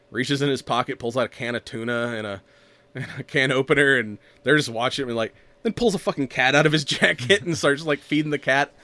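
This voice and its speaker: A man chats through a movie plot on a podcast. He rambles, laughs often and slips into quoting the characters as he goes. His pitch sits in the middle range. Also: fairly bright tone, dry recording. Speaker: podcast co-host. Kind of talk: casual chat recapping a movie.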